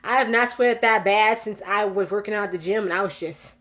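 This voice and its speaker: A woman's voice: medium pitch, brisk, a bit bright. A young woman vlogging from her car, chatting casually, a little out of breath, with lots of fillers and laughs. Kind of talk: casual storytelling vlog.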